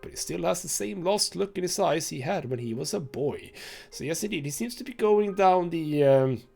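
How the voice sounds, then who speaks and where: A man's voice: fairly high pitch, animated, normal speed, vocal fry, a little mellow, faint music behind. A man hosting a let's play, reading a story game's text aloud with chatty asides and laughs. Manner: chatty asides with laughs between read passages. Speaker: gaming channel host.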